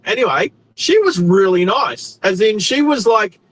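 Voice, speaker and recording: An Australian man hosting a show, telling a rambling, animated story with restarts while he drives his car. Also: high voice, measured pace, low-quality recording. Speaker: host. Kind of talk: casual storytelling while driving. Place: inside a car on the road.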